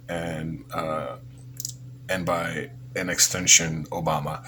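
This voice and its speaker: A man's voice: low-pitched, a bit bright, slight background noise. A man hosting a podcast, giving rambling, heated, sarcastic casual political commentary. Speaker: podcast host.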